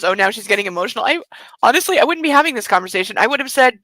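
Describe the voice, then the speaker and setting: A woman's voice: on the high side, lively intonation, rapid-fire, pushed and bright, no room sound, low-quality recording. A woman hosting a book show, ranting in profane, sarcastic, exasperated commentary. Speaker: host.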